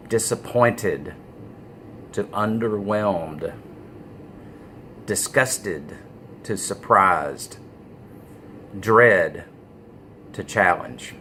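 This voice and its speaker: Male vlogger, low voice, unhurried, filler-heavy delivery, faint room noise. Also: fairly bright tone. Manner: halting, many "uh" fillers, stresses key words. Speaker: business vlogger. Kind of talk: casual talking-head monologue.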